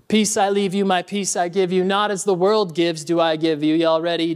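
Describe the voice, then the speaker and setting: A man preaching a sermon as pastor in a church. He talks in an animated way, laughs often and calls out to the congregation. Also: fairly high pitch, clean tone.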